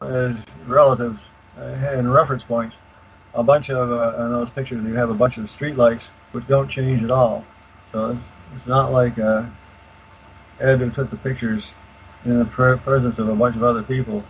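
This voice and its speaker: Older guy with a gravelly voice on a dull lo-fi line, lots of uhs and restarts, faint hiss. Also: medium pitch. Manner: halting, many fillers and restarts. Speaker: guest expert. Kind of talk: casual explanation on a call-in radio show.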